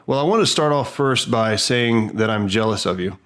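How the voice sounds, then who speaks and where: Man, podcast host, from Tennessee, low voice, earnest conversational delivery. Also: normal speed, fairly bright tone, clean tone. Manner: earnest, conversational, with small restarts. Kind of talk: casual interview.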